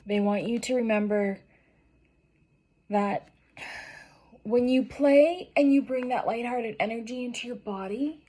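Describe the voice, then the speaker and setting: A woman's voice: fairly high pitch, a little slow, pauses often, mellow. A woman giving a general tarot reading to her viewers in an earnest, encouraging and emotional way, tearful and losing her voice. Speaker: tarot reader.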